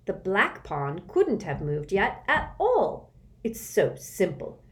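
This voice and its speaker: A woman's voice: mid-range voice, huge pitch swings, slow, full character voice. A woman voicing a smug, scornful schoolboy who lectures the other children. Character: smug, know-it-all boy at school.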